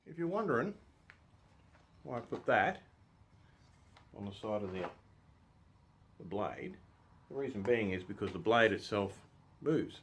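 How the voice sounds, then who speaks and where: A man's voice: on the low side, animated, a little slow, long pauses, slight background noise. A man, chatting casually and jokingly while he works on a woodworking project, often laughing at himself. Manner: jokey, chuckling, self-deprecating. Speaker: woodworking vlogger. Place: home workshop.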